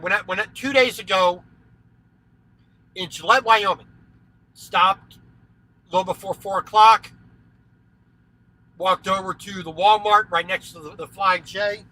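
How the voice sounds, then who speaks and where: A man's voice: high voice, sharp tone, low-quality recording. A man who drives a truck, chatting casually on a livestream from his cab, rambling and repeating himself. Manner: rambling, scattered, repeats words, laughs easily. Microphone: headset.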